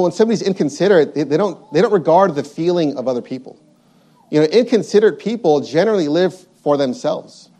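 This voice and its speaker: A man's voice: a little high, mellow. A man preaching a sermon, reading scripture aloud and repeating his points with emphasis.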